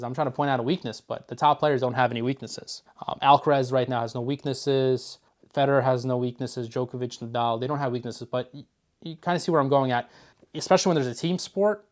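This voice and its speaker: A man coaching viewers through a trading course in a mid-range voice. He talks emphatically, circles back to repeat his points, and gets higher and louder when he gets worked up. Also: brisk. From Philadelphia. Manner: emphatic, repetitive, pumps up his voice when excited. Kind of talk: course lecture to camera.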